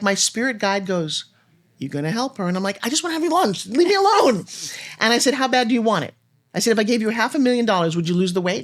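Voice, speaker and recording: A woman guest on a podcast, telling stories and coaching in an animated way, acting out lines of dialogue. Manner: animated storyteller, acts out dialogue with big pitch jumps. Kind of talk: fast-paced podcast conversation.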